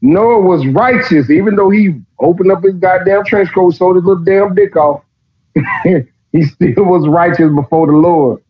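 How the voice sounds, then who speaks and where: A man's voice: high-pitched, unhurried, dull audio, a little hiss or hum. Profane, sarcastic man with a raised voice. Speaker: podcast host. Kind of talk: mocking commentary while reading aloud.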